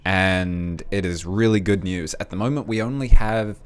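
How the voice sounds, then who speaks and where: Casting: man, lower voice, calm and reassuring explainer on a live stream. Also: moderate pace, smooth. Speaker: co-host explaining shipping.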